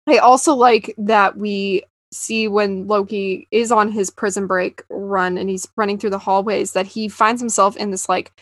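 A woman's voice: medium pitch, a bit bright, no room sound, studio quality. A young woman chatting enthusiastically about a TV series, with lots of fillers. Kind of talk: casual chat about a TV series.

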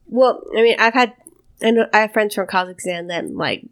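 A woman's voice: mid-range voice, normal speed. Woman cohosting a chill podcast, chatty, says "like" constantly. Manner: chatty, offhand, with many filler "like"s. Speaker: podcast co-host. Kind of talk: casual podcast chat.

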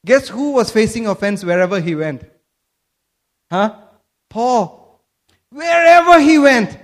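A man from Kerala, India, preaching a sermon and asking the congregation questions. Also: very high voice. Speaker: pastor.

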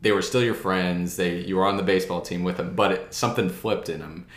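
Deep-voiced man hosting in an echoey room. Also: a little fast. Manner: calm, affirming, draws out lessons. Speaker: host. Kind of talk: casual chat. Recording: roomy echo.

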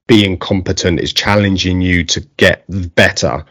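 A man with an Essex accent hosting a casual interview, chatty and relaxed with plenty of fillers. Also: low-pitched, measured pace, dry recording, studio quality. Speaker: podcast host.

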